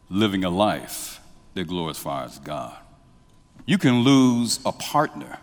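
A man preaching a sermon as pastor. He drops to hushed lines, rises to emphatic ones, and has the congregation finish his sentences. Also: fairly low pitch. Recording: long hall reverb.

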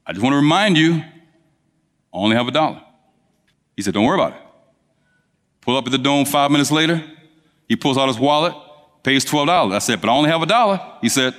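A male preacher telling a story in a sermon, animated, rising to high emphatic peaks. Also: a little fast, pauses often. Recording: long reverb of a large hall.

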